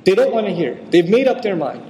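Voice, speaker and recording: A man's voice: high voice, big pitch swings, fast, mellow. A man giving a religious lecture on scripture in a conversational way, acting out the voices he quotes. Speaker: Quran lecturer. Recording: echoey hall with long reverb.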